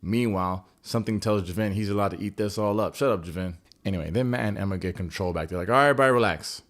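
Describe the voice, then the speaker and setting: A man with a low-pitched voice talks through a reality show recap in a loose, comedic way. He cracks jokes and throws in slangy, profane asides as he goes. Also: fast talker, darkish tone. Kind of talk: casual comedic commentary.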